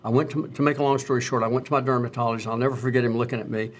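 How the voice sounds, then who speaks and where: Middle-aged guy doc telling stories, lively, does little voices for people. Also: medium pitch, rapid-fire. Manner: animated storyteller, acts out quoted voices. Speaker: doctor, co-host. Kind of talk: casual conversational storytelling.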